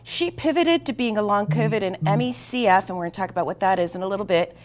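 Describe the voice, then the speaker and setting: A woman's voice: medium pitch, quick pace, darkish tone, slight background noise. A woman hosting a talk show, reading a guest introduction in an earnest, emphatic way with small stumbles over words.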